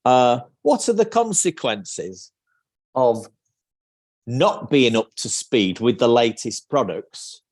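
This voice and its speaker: A man's voice: medium pitch, big pitch swings, slow pace. A man speaking on a live video call as an interview guest, thinking aloud with restarts and acting out sales lines.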